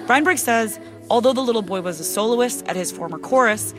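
A woman radio reporter narrating a scripted news feature in a measured, clear way. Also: fairly high pitch, expressive. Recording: music bed underneath.

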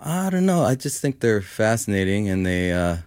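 A musician in his fifties from Los Angeles, California, rambles casually as an interview guest, leaning heavily on "like" and "you know." His voice is smooth and on the low side, sing-song at a normal speed, with a darkish tone and no echo.

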